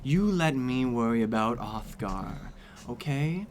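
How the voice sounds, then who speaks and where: A man voicing a cold, scheming male dark elf noble who hushes and soothes while calmly threatening. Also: medium pitch, measured pace, slight background noise, close to an everyday voice. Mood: soothing, menacing. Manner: soft hushing, calmly menacing.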